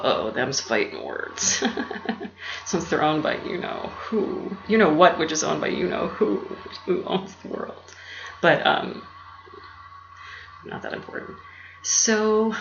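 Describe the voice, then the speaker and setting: A woman hosting her own channel, rambling in a soft, half-whispered, meandering way and laughing often, recorded on a laptop. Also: lowish voice, vocal fry. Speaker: YouTube channel host. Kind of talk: rambling casual monologue. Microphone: laptop mic. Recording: roomy, dull lo-fi with faint hum.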